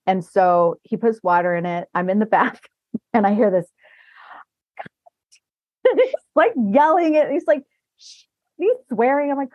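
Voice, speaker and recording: A woman's voice: a little high, expressive, moderate pace, pauses often, no echo. A woman podcast host telling rambling anecdotes in a casual chat, often laughing as she talks. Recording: dull dry lo-fi recording.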